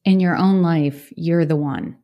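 A woman's voice: lowish voice, fairly even intonation, unhurried, muffled recording. A woman hosting an interview podcast, upbeat and effusive in her praise. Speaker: podcast host.

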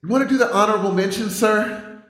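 A man's voice: sits high, quick pace, a bit bright, echoey room, low-quality recording. A man co-hosting a podcast, talking animatedly and laughing as he gives his movie picks. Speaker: podcast co-host. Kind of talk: casual movie-awards chat.

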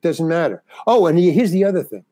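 A man's voice: on the high side, animated, fairly quick, warm tone, dry recording. An older man, a comedian, telling stories in a casual interview, rambling with restarts. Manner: rambling, restarts, acts out quoted dialogue. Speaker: comedian guest.

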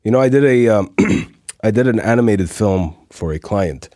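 A man with a low, warm voice talks in relaxed, rambling podcast chat. He has a wheezing laugh. The sound is close and dry. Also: normal speed, no room sound. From half Cypriot, half Filipino. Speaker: voice actor guest.

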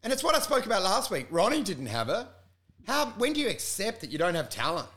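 A man with a high, bright voice co-hosts a comedy podcast. He rants in crude bursts and swings his pitch wildly as he acts out quotes. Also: fast. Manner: animated, crude, ranting with acted-out quotes. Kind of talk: casual comedy podcast chat.

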